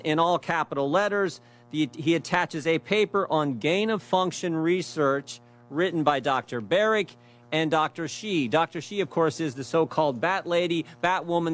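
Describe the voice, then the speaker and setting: A man giving an emphatic speech, reading emails aloud and repeating key phrases for stress. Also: a little high. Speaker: speaker presenting documents.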